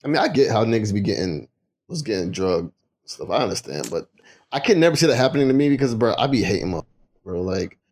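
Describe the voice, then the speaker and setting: A man co-hosting a casual podcast, talking in a halting way with street slang. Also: on the low side, big pitch swings, a little mellow. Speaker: podcast co-host. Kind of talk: casual chat.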